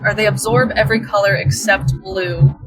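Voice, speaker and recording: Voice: mid-range voice, fairly even intonation, normal speed, fairly bright tone, faint music behind, rough recording. A podcast guest who explains nature facts in an enthusiastic, offhand, casual way. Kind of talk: casual chat.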